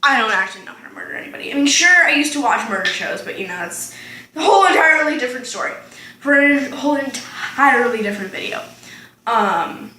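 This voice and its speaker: In an echoey home kitchen, a teenage girl tells a casual storytime to her camera in a slightly high, bright, forceful voice. She's animated and quick, wandering onto tangents with lots of ums and likes.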